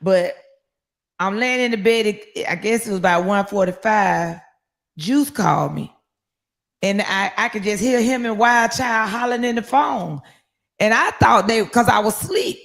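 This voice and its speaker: A woman telling a story in a casual, animated way, acting out what people said and cursing freely. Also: medium pitch, creaky. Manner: animated storyteller, acts out quotes, swears casually. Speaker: guest, raffle winner.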